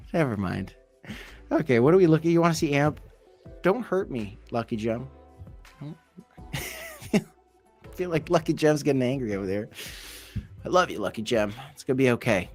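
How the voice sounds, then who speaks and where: A man's voice: mid-range voice, a bit bright. A man hosting a casual livestream, reading chat comments aloud in a loose, jokey, rambling way. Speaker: host of a crypto livestream.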